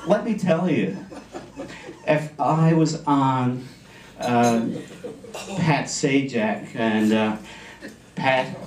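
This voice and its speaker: A man giving a humorous contest speech, telling an animated story to an audience that laughs along. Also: medium pitch, very slow, long pauses. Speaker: contest speaker. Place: convention hall. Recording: echoey hall, mic from far off.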